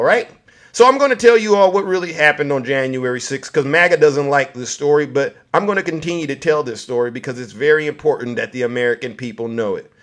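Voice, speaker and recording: A man's voice: fairly high pitch, a bit bright. A man hosting a political commentary vlog, mocking his targets and talking straight to his audience. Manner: mocking, addresses audience directly. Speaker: host.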